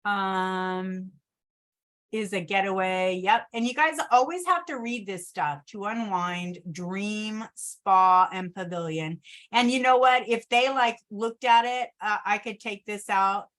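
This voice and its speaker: A woman at her desktop computer leads a screen-share tutorial, talking at an ordinary middle pitch. She is chatty, calls her viewers "you guys" and checks in with "okay?" as she clicks through each step. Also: unhurried, fairly bright tone. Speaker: travel agent trainer.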